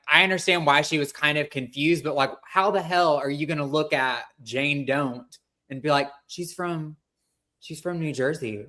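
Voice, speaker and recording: A man's voice: fairly high pitch, pushed and bright. A man co-hosting a casual recap podcast, emphatic and opinionated. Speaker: podcast co-host.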